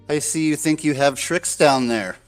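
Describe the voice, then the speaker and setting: A man's voice: a little high, voice pushed up. A man voicing a playful, cruel female vampire who mocks and teases the heroes in a tabletop game. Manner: mocking, teasing, laughing.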